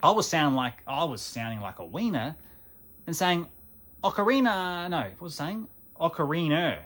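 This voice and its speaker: A man's voice: fairly high pitch, sing-song, brisk, a bit bright. An Australian man with a chatty, self-mocking manner, talking casually to camera as host of a gaming channel.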